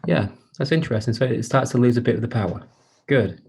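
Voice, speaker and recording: A man presenting an online workshop for carers over a video call, speaking in a gentle, inviting way with frequent hesitations and restarts. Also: mid-range voice, fast talker, gravelly, a little hiss or hum.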